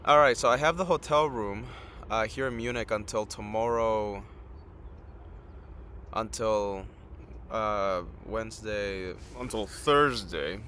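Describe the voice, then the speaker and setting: A man's voice: lowish voice, slow, sharp tone, slight background noise. A tired man hosting a live stream outdoors, rambling casually and chatting straight to his viewers. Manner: rambling, chats directly with viewers. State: tired from little sleep.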